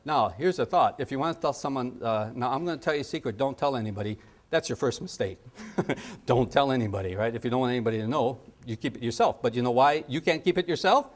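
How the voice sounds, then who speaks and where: Speaking fast in a mid-range voice, a middle-aged man runs an animated parenting training session. He keeps it jokey, performing small scenes and sound effects along the way.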